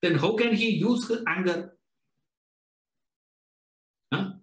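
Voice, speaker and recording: Male Vedanta teacher, Indian English accent, higher-pitched voice, roomy echo, prods the class with rhetorical questions. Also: takes it slowly. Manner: questioning, rhetorical, drills students with "no?" and "huh?". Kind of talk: classroom lecture. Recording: echoey lecture room.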